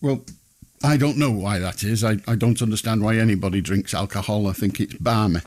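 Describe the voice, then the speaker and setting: A man hosting a late-night phone-in from a studio mic. His voice sits low and husky, and he speaks in a blunt, dry and dismissive way. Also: fairly quick, darkish tone. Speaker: radio phone-in host.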